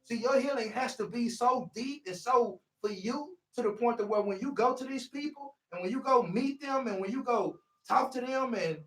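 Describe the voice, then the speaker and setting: A man with a high voice gives a preachy motivational talk on healing. He presses each point hard and keeps circling back with "see". He sounds set back from the mic in an echoey room. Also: moderate pace, few pauses, fairly bright tone, distant mic. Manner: preachy, repeats "see" to drive points home. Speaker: healing speaker.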